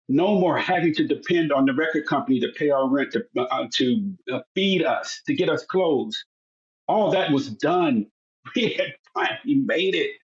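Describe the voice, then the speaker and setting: A man's voice: fairly high pitch, muffled recording. A man in his sixties, a podcast guest, telling his family story and acting out the voices of his relatives. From United States. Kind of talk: personal storytelling.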